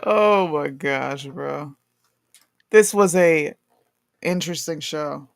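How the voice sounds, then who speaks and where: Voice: mid-range voice, slow pace, vocal fry, dry recording, clean studio sound. A co-host of a casual reaction show, bantering in a laid-back, slangy way.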